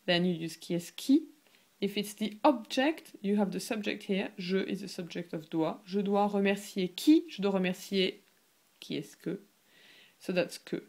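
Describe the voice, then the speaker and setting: A woman with a mother tongue gives a language lesson in English at a middle pitch. She explains at an easy pace and often pauses on "um" or starts a phrase over. Her tone stays conversational and instructive. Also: husky. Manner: relaxed, explanatory, with frequent ums and restarts. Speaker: French teacher.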